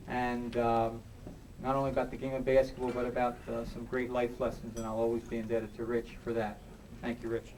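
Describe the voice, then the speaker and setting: A man giving an earnest, halting acceptance speech full of thanks at an awards banquet. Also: mid-range voice. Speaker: award recipient. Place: banquet hall. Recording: distant mic in a noisy hall.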